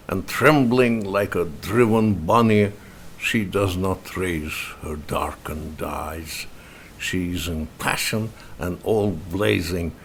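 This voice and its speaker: A man whose first language is Russian, reading a novel in verse aloud in a slow, measured way with pauses between phrases. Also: lowish voice. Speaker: reader and translator.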